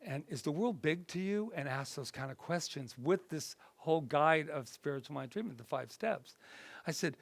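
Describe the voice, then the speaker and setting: Gravelly male reverend teaching. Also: a little high, no echo. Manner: conversational, animated, acts out voices in his stories. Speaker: reverend teaching a spiritual class. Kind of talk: casual spoken talk.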